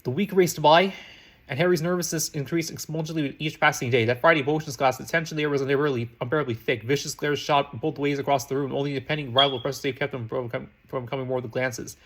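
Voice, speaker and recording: A man reading fan fiction aloud as a narrator, rushing along with frequent slips and restarts. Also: mid-range voice, steady tone. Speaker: reader.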